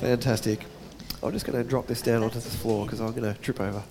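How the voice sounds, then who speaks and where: A man's voice: mid-range voice, steady tone, fast talker, background noise. A man preaching a sermon and reading scripture, chatting casually with his congregation between verses. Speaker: pastor. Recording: long hall reverb.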